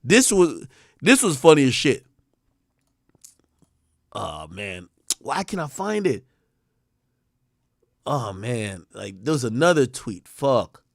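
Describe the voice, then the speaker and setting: A young man hosting a livestream, ranting bluntly and swearing, dropping to mumbles and then rising to shouts. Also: medium pitch, sing-song, slow, gravelly, long pauses, dry recording, clean studio sound. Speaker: livestream host. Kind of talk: casual livestream rant.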